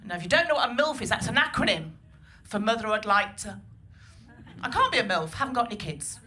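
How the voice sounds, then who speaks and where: A woman's voice: mid-range voice, big pitch swings, brisk, sharp tone, a little hiss or hum. A woman from Birmingham with a Birmingham accent, performing a bawdy stand-up set and teasing the audience. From Birmingham, England. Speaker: stand-up comedian. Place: comedy club stage.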